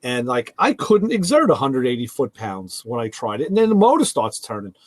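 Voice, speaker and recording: A man hosting a casual talk show, telling animated stories and acting out conversations. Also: medium pitch, fairly quick, no room sound. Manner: animated storyteller, acts out quoted exchanges. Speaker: host. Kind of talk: casual chat about cars.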